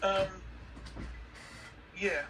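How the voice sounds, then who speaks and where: A man in a workplace meeting, speaking hesitantly and apologetically, with many halting restarts. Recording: distant mic with background noise.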